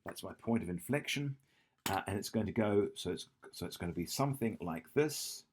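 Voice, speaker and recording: Deep-voiced math tutor man, thinking aloud. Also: expressive, fairly quick, husky. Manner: thinking aloud, self-correcting, frequent "yeah?" checks. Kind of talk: whiteboard exam walkthrough.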